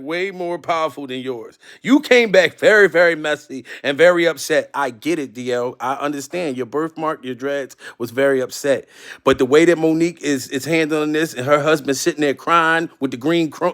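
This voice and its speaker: A man giving casual, joking reaction commentary on a clip, animated and emotional. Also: on the high side.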